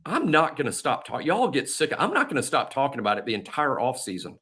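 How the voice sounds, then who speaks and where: A fast-talking man with a medium pitch that swoops wildly, a sharp tone, and a breathy edge co-hosts a sports podcast. His casual sports talk rambles through stories and picks, packed with laughs, fillers, and restarts.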